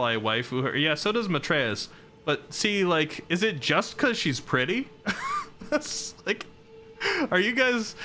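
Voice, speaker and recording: A man's voice: fairly high pitch, sharp tone, a little hiss or hum. A man streaming a game live, chatting casually, reacting aloud to what happens and answering his chat. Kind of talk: live gameplay commentary.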